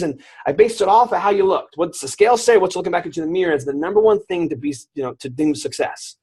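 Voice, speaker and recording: A man in his thirties tells his story as a guest, quickly and with a slightly high, husky voice. He slips into the voices of the people he quotes. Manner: animated, acts out quoted voices. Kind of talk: storytelling interview.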